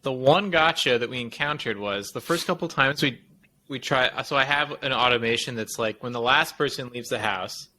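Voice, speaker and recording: A man co-hosting a casual tech podcast. His voice has a bright, pushing edge. He rambles through explanations and corrects himself mid-sentence. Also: mid-range voice, moderate pace. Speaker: podcast co-host.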